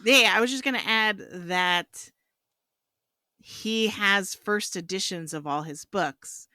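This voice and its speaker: Bright-voiced woman chatting about film. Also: mid-range voice, takes it slowly, no echo, studio quality. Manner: animated, fillers and restarts, quotes characters. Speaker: film review podcast panelist. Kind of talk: casual film discussion.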